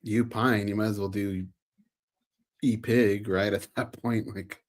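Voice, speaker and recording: A man's voice: fairly low pitch, fairly even intonation, measured pace. A man co-hosting a live fight watch-along, making brief laid-back remarks. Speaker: co-host.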